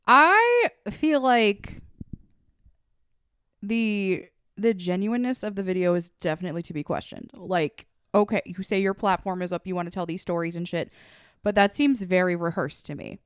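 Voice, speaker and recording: A young woman co-hosting a podcast with a smooth, clear voice, weighing her words skeptically as she thinks aloud. The sound is close and dry. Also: mid-range voice, animated, moderate pace, fairly bright tone, no room sound. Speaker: podcast co-host. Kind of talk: casual chat.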